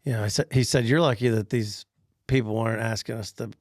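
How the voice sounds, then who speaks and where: A man on a podcast telling a workplace story in casual chat, animated, laughing often and acting out the people he quotes. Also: medium pitch, fast, no room sound, studio quality. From Pennsylvania.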